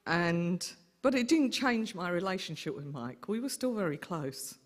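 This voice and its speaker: A woman's voice: on the low side, moderate pace. Woman telling family stories. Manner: lively anecdotal storyteller. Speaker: aunt giving a memorial tribute. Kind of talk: eulogy storytelling.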